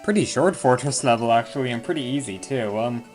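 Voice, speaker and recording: A man's voice: mid-range voice, animated, a little fast, darkish tone. Casual male let's-player, jokey and self-mocking, faint game music underneath. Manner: rambling, self-deprecating, jokey asides. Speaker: let's play commentator. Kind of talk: casual gameplay commentary.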